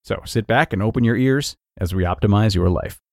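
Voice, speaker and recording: A man who hosts a podcast, reading parenting articles aloud in a measured, earnest way. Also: fairly low pitch, gravelly, a little mellow. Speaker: podcast host and narrator.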